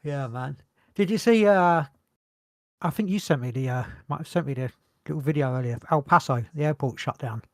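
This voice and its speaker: A man co-hosting a casual podcast, joking loudly, swearing and slipping into mock voices. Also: a little high, a little fast, no echo, clean studio sound. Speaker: podcast co-host. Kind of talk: casual chat.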